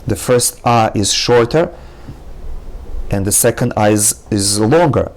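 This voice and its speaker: A man's voice: mid-range voice, slow pace, long pauses. A man teaching a language lesson, patiently explaining each point and repeating every word several times. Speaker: Hebrew teacher. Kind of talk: slow, careful language lesson.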